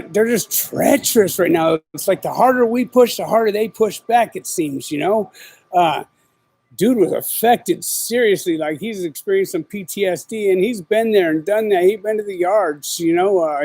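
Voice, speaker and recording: A middle-aged man with a high, slightly mellow voice and a breathy edge speaks unhurriedly; the recording is dry and low in quality. He hosts his own podcast, chatting loosely on a livestream and rambling in profane street slang stuffed with fillers.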